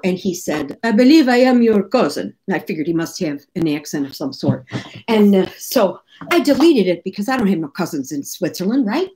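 A woman's voice: on the low side, dark tone, a little hiss or hum. A woman from the United States, a cookbook author, casually telling a story to the camera in a chatty, exclamatory way.

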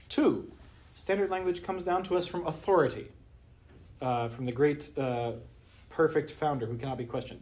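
In a university lecture room, a Pittsburgh-born anthropology lecturer delivers a colloquium talk in a medium-pitched, slightly mellow voice. His manner is wry and humorous, with rhetorical questions.

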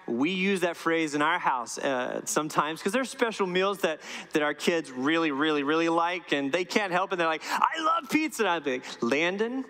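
A man's voice: a little high, moderate pace, hardly any pauses, pushed and bright. A middle-aged man preaching a conversational sermon as a pastor, telling stories and asking the congregation questions. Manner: storytelling, asks the congregation questions. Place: church sanctuary. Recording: long church reverb.

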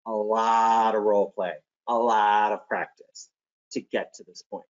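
A man's voice: on the low side, level tone, measured pace, lo-fi sound. A man who is a teacher presents classroom strategies in a friendly, practical way and demonstrates examples by acting them out.

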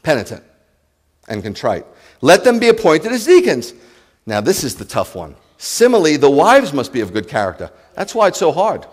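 A man, a rabbi preaching to his congregation in an animated, joking way and speaking straight to the listeners. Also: a little high, normal speed, slightly rough. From New York. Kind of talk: sermon.

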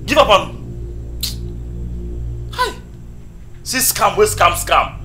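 A man's voice: sits high, slow, full character voice. An angry scolding man. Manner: shouting, scolding, lively. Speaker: deceived partner, broke son. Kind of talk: Nollywood film acting. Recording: echoey room with background music.

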